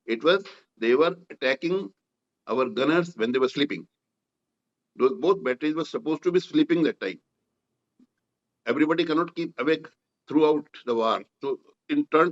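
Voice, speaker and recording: A man's voice: fairly high pitch, animated, fairly quick, long pauses, muffled recording. An older man with an Indian English accent, a war veteran recounting battlefield memories in an interview, acting out the dialogue vividly. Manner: vivid, reenacts dialogue with rising intensity. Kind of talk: storytelling in interview.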